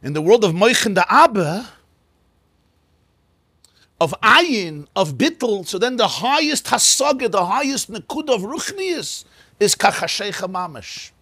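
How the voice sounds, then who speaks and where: Male rabbi lecturing in a synagogue; bright, husky tone, emphatic, repeats key words, sprinkles in Hebrew and Yiddish. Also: sits high, sing-song, unhurried, no room sound, studio quality. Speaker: rabbi teaching a class. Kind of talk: lecture on mystical texts.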